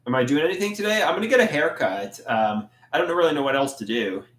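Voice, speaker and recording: A man's voice: on the high side, animated, quick pace, a bit bright. A man chatting casually on a livestream and reading out comments, often stammering and repeating his words. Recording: echoey room.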